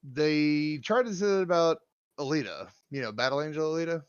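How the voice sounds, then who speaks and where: A man's voice: on the high side, a little fast, smooth, no room sound. A man co-hosting a casual podcast who talks bluntly and profanely. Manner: blunt, profane, laughing asides. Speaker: podcast co-host. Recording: dull, lo-fi mic.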